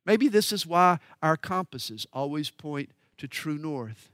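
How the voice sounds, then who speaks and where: A man from the American South preaching a sermon, emphatic and folksy, moving between loud declaiming and quiet asides. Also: on the high side, animated, slow pace, dry recording, studio quality. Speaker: pastor.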